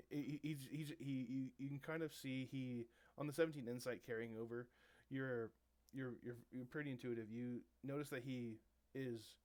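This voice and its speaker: Guy dm-ing a tabletop game, lots of ums and restarts, mid pitch. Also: a little mellow. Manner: halting, many fillers and restarts. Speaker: game master.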